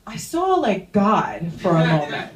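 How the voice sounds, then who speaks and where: A woman's voice: mid-range voice, takes it slowly, crowd noise. Woman doing stand-up in a roomy club. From Iran. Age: young adult. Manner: animated, crude, quotes people in exaggerated voices. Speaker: stand-up comedian. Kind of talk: stand-up set. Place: comedy club stage. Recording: roomy club sound from a distance.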